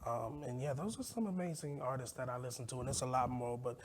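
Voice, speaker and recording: A man, a singer guest, answering politely and softly in a casual interview. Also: mid-range voice, fast, a little hiss or hum. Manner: polite, soft-spoken, says yes ma'am.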